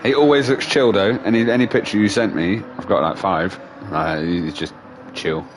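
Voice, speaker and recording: A man hosting a stream, chatting casually and telling animated stories full of swearing and animal impressions. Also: lowish voice, normal speed, over music. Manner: animated storyteller, swears a lot, mimics animals. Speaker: streamer host. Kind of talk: casual chat.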